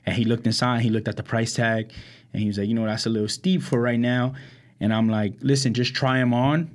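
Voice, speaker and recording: A man's voice: medium pitch, brisk. A young man from Brooklyn, a podcast co-host, telling stories in a loose chat, acting out quotes and filling gaps with "like" and "um". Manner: animated storyteller, acts out quotes, many fillers. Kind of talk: casual storytelling chat.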